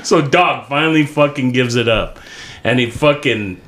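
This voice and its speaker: A man's voice: mid-range voice, moderate pace, echoey room, crowd noise. A man co-hosting a podcast, telling a funny story in casual, profane chat. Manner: profane, animated storyteller who laughs often. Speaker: podcast co-host.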